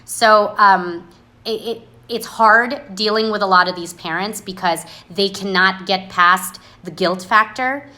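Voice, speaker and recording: A woman speaking on a phone livestream, blunt and sarcastic, standing by what she says. Her voice is bright and forceful, and her pitch sits in a middle range. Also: unhurried. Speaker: livestream host. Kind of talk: casual livestream monologue.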